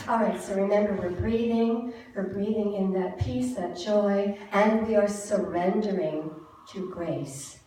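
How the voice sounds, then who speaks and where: A woman leading a church congregation through breathing and a song, speaking in gentle, encouraging, unhurried instructions. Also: mid-range voice, expressive, a little hiss or hum. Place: church sanctuary with live audience. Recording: very echoey room, mic far off, music behind.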